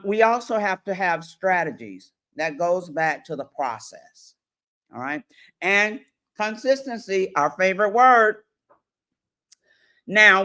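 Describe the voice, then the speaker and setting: A woman coach giving a lively workshop presentation to parents, addressing the audience directly and often checking in with them. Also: lowish voice. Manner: animated, acts out parents and children in quick voices; addresses audience directly with frequent "all right".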